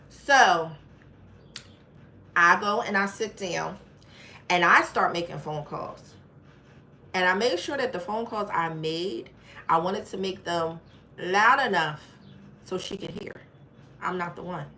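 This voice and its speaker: A woman's voice: fairly low pitch, slow pace, long pauses, sharp tone, slight background noise. A woman hosting a storytime livestream. She tells her story in an emphatic, frank way and talks straight to her viewers. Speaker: channel host.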